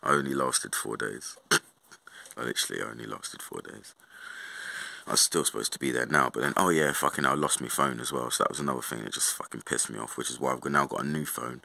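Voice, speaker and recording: A man's voice: rumbling low, gravelly, bright, forceful tone, no room sound. Sweary young man ranting. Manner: agitated, sweary, repeats himself, says bruv and mate. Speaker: vlogger. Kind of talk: casual storytime rant.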